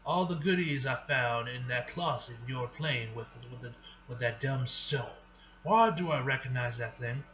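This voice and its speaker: A man's voice: medium pitch, measured pace, fairly bright tone, lightly acted. A man voicing a tough, suspicious heroine, pressing and confrontational, from a dull lo-fi recording. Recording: dull lo-fi recording with faint hiss.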